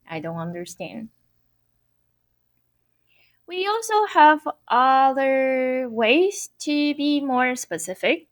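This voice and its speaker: A woman teaching an online Mandarin lesson, who explains cheerfully and repeats phrases slowly. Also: high voice, very animated. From Taiwan.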